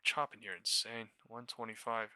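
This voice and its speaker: A lower-pitched man with a tense, cutting edge to his voice, muttering profane, exasperated commentary as he streams his trades live. His voice is smooth and clean, recorded close and dry with no room sound. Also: little pitch movement, normal speed, pushed and bright, no echo.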